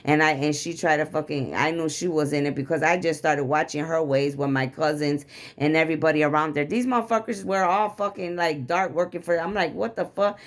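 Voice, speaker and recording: Low-voiced woman in an agitated, profane rant. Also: fairly even intonation, fairly quick. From Chicago area. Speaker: vlogger. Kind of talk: emotional confessional rant.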